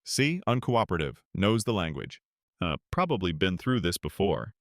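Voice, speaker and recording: A man's voice: low voice, very animated, moderate pace, no room sound, clean studio sound. Man voicing a curt, hostile immigration agent. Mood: curt, commanding. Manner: blunt, commanding.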